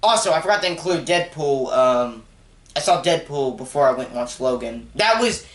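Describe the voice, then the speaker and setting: A young man giving a casual, rambling movie review, excitable and full of restarts. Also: fairly high pitch, normal speed. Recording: roomy echo.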